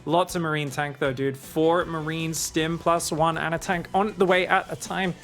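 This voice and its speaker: A man casting a live esports match, giving energetic play-by-play and often adding "right?" to his points. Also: a little high, soft background music. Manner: energetic, rapid, with tag questions. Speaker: esports caster.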